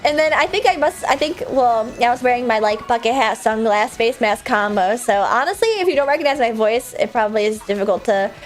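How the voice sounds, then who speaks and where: High-voiced woman streamer, rambly chat. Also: a little fast, few pauses. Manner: rambling, filler-heavy, with sudden loud outbursts at the game. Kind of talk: casual live-stream chat while gaming.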